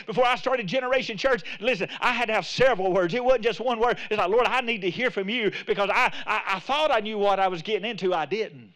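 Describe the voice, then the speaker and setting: A pastor preaching a sermon, swinging between loud calls and quiet, chuckling asides as he acts out a prayer. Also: sits high, a little fast.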